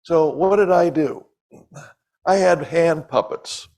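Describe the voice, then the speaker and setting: Gravelly older preacher, chatty. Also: male voice, a little high, takes it slowly, a little mellow. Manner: conversational, with frequent ums and asides. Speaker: preacher and missionary. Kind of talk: storytelling sermon.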